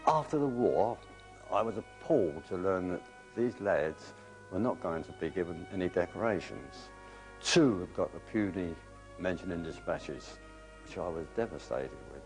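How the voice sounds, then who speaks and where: A man's voice: deep voice, animated, moderate pace, darkish tone, faint music behind, rough recording. An older English man, a war veteran, recalling his experiences in a plain, understated way with hesitations. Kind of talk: spoken recollection.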